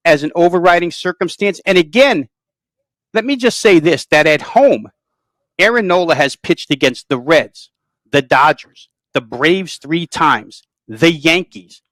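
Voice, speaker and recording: A man's voice: a little high, fairly bright tone, dry recording, rough recording. A man breaking down games as a sports betting handicapper, thorough and detailed in his analysis. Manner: thorough, detailed, long-winded.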